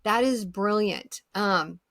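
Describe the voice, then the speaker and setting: A woman's voice: medium pitch, slow, vocal fry, fairly bright tone, dry recording, clean studio sound. A woman hosting a podcast interview, chatting casually and with enthusiasm, often repeating her words. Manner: enthusiastic, agreeable, repeats herself. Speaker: podcast host.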